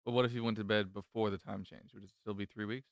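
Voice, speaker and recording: Male co-host, smooth clear voice, teasing banter. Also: lowish voice, steady tone, dry recording, studio quality. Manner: teasing, quick jokes. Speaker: podcast co-host. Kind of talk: casual chat.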